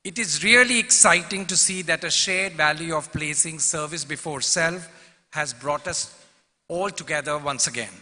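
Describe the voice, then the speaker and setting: A man's voice: on the high side, normal speed, bright, forceful tone. A man, a club president giving a formal welcome address and reading prepared remarks. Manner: formal, lists dignitaries, reads prepared remarks. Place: large convention hall. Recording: long reverb from a large hall.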